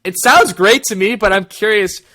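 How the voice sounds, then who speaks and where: A man co-hosting a casual review chat, laughing often and rambling in an animated way. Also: high voice, normal speed. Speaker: co-host.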